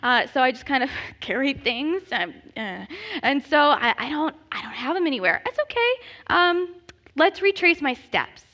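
Bright, high-voiced woman telling a funny story. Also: moderate pace, muffled recording. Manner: animated, self-deprecating, laughing often. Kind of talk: comedic personal storytelling.

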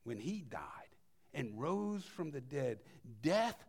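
High, gravelly-voiced male preacher. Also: slow pace. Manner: animated, voices the quoted speakers. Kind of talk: sermon.

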